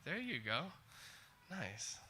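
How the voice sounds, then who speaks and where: A man's voice: mid-range voice, big pitch swings, slow, sharp tone, husky. A man presenting on stage, coaching a live audience through breathing and singing exercises.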